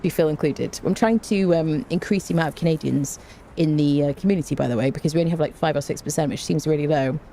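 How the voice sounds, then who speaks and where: Talking fast in a deep, mellow voice, this woman game streamer playfully rambles through greetings to her chat, using fun made-up words. She's at a desk microphone in a home room with an open window, with a fan blowing and slight background noise.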